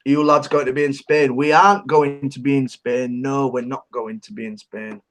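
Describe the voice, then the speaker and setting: A man's voice: medium pitch, little pitch movement, normal speed. A man co-hosting a vaping podcast in casual, sweary banter, laughing often and greeting the live chat.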